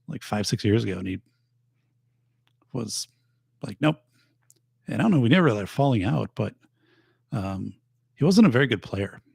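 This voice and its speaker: A tired middle-aged man hosts a podcast in a loose, rambling chat full of fillers and restarts. His voice is low and husky with a gravelly fry, and he is losing it. The sound is dry and close. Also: no echo. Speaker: podcast host. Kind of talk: casual chat reading viewer comments. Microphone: studio microphone.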